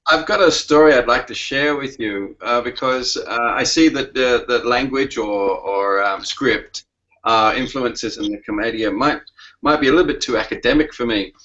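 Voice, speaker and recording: An Australian man tells a story over a video call. His voice is bright and forceful, but it breaks into frequent uh and um pauses. The call audio is dull and lo-fi. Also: medium pitch. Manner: halting, full of "uh" and "um". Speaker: commedia performer.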